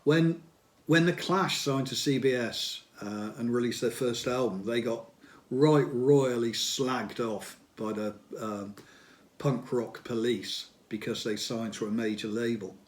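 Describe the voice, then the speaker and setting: A man in his sixties hosting a casual talk through old music magazines, chatty and reminiscing, pausing on fillers and growing enthusiastic. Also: medium pitch. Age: 60s. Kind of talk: casual spoken commentary.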